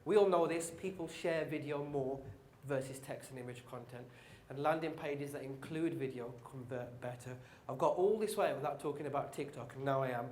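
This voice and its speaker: A man with a Brummie accent works the room, upbeat and joking as he talks to the crowd directly. His voice sits at a middle pitch. It carries with the roomy echo of a conference hall, with faint ambience underneath. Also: moderate pace, a little mellow, a little hiss or hum. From England. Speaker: conference speaker. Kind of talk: live marketing talk.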